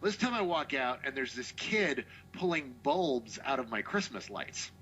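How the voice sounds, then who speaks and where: A man telling a long anecdote on a casual podcast, animated and profane, acting out what people said. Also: medium pitch, a little slow, lo-fi sound, faint music behind. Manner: animated, profane, acts out quotes. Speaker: podcast co-host. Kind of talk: casual storytelling.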